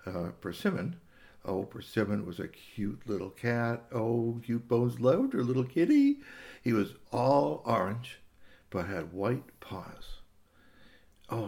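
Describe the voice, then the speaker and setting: A man's voice: on the low side, vocal fry, darkish tone. A man improvising a children's story about a cat, rambling along with fillers and little gasps.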